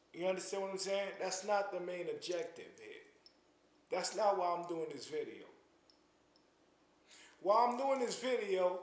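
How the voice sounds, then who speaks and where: New guy ranting into the camera, kinda high voice, stumbles and repeats himself, echoey room. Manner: impassioned, stammering restarts, preachy. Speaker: commentary channel host. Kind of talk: casual spoken commentary to camera.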